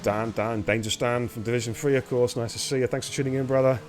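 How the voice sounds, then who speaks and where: A man's voice: mid-range voice, steady tone, fast talker, faint music behind. A man hosting and calling a live sim racing stream, chatty and teasing, greeting viewers by name. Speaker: lead commentator and host.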